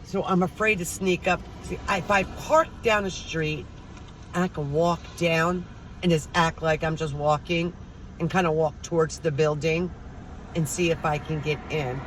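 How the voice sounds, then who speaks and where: A middle-aged female vlogger speaks in a low voice with fairly even intonation and a measured pace, while a little hiss or hum sits under the recording. Chatting to her viewers, she narrates stories and acts out the voices of the people in them.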